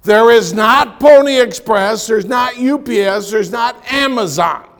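A man preaching a sermon in church, swinging from loud punchlines to quiet, confiding asides as he tells stories. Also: very high voice, measured pace. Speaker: pastor. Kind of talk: sermon with storytelling.

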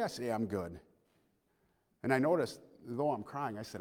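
A man's voice: mid-range voice, animated, moderate pace. Earnest preacher man in an echoing church. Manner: earnest, swings between loud and hushed. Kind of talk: personal sermon. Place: church sanctuary. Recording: long church hall reverb.

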